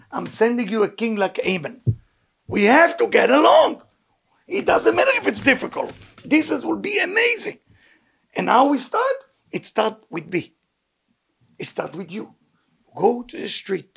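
A man's voice: high-pitched, vocal fry, a bit bright, husky. A man preaching a weekly sermon to a live audience, emphatic and repetitive, with humorous asides. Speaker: preacher giving a weekly talk.

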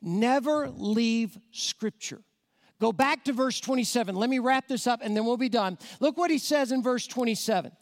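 A man preaching, his voice pitched unusually high for a man. He speaks to the congregation directly and with emphasis, racing through some lines and drawing out others. The sound carries a long, ringing reverb from a large church hall. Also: moderate pace. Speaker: guest preacher. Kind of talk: evangelistic sermon. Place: church sanctuary.

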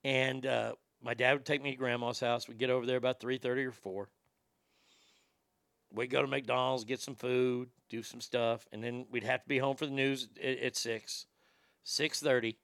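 A man hosting a talk show, telling a childhood story in a casual, wry and animated way, with some swearing. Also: mid-range voice, no echo, clean studio sound.

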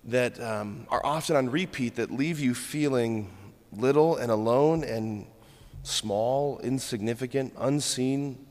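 A man preaching a sermon, earnest and steady, building his points through rhythmic lists. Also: mid-range voice, slow pace. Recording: long hall reverb.

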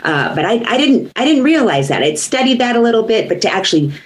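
A woman's voice: a little high, sing-song, fast talker, rough recording. A woman who works as a voice coach, chatting casually in a group conversation.

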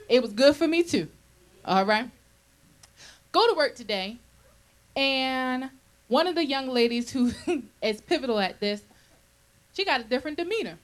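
A woman's voice: sits high, animated, measured pace, long pauses, rough recording. A woman minister leading a Bible study, preaching conversationally and often checking in with her listeners.

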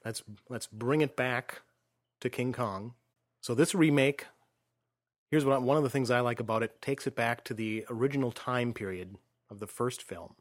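A man in a casual film discussion, speaking in a measured, informative way and steering the talk. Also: mid-range voice, dry recording, clean studio sound. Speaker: co-host.

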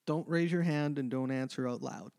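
A man preaching a sermon, emphatic, moving between loud passages and hushed ones. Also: medium pitch, moderate pace. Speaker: pastor.

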